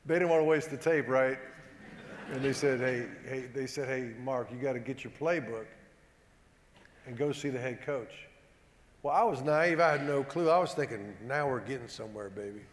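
A man telling a humorous, self-deprecating story to a live audience, animated and acting out the dialogue. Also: mid-range voice, normal speed. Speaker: former football player giving a talk. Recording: echoey hall with long reverb.

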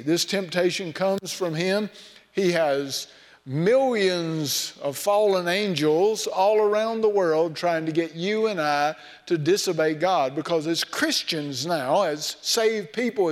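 A man's voice: high voice, unhurried. A man preaching a sermon in a folksy, storytelling way, mixing scripture with personal anecdotes. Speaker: pastor. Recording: long hall reverb.

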